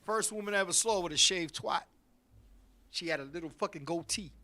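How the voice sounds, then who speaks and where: A man telling a crude comic story, animated and profane, jumping between loud bursts and quiet asides. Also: high-pitched, a little fast. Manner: profane, repeatedly addresses a listener by name.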